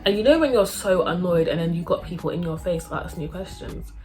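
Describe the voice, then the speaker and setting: A young woman telling a casual, animated storytime full of slang and acted-out voices. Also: lowish voice, fairly quick. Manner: animated, slangy, acts out everyone's lines.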